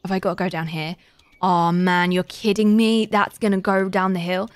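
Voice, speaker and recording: A British woman streamer chatting casually as she plays, reading out chat and getting excitable. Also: lowish voice, normal speed, clear, resonant tone, dry recording. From Britain. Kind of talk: casual gaming commentary.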